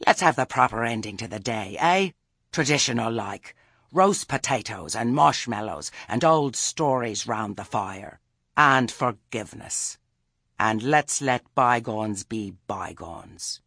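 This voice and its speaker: A man voicing a stern old witch woman who speaks meekly and quietly, with menace under it. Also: rumbling low, animated, a little slow, husky, no echo, studio quality, heavily acted. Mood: pleasant. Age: older. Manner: meek, soft-spoken, understated.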